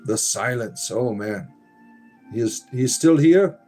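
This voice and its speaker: Reading chat on a laid-back livestream, this man speaks slowly and expressively in a medium-pitched voice with a dark tone. He tosses wry remarks and muttered asides between comments while faint music plays behind him.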